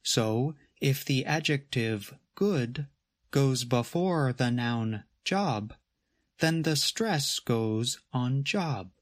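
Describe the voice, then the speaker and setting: A man narrating a scripted grammar lesson in a measured, explanatory way. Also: mid-range voice, expressive, no echo, studio quality. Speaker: grammar teacher.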